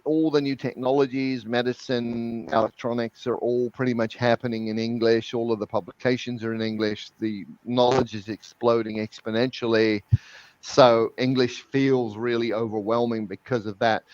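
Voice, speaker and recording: A man's voice: mid-range voice, no room sound, highs cut off. A man guest in a webinar interview, explaining with energy and often repeating words as he talks. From New Zealand. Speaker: guest language expert.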